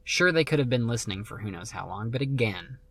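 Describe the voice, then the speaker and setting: A man with a mid-range voice co-hosts a relaxed tech podcast. He mostly asks questions and answers with short, casual reactions. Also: medium pitch, fast talker, no echo. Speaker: podcast co-host.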